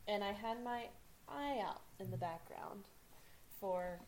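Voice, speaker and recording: A woman's voice: mid-range voice, expressive, takes it slowly, a little mellow, slight background noise, low-quality recording. A woman co-hosting a podcast in casual chat, enthusiastic and laughing into her sentences.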